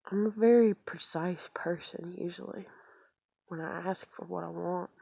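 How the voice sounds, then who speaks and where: A woman's voice: lowish voice, fairly even intonation, a little slow, creaky, dark tone, no echo. A woman talking in a rambling confessional vlog, full of fillers and trailing off into whispered asides. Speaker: vlogger.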